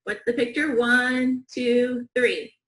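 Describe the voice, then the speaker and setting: A woman teaching young students a phonics lesson, slow, clear and encouraging, with call-and-response counting. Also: fairly high pitch, steady tone, fairly bright tone, roomy sound, poor audio.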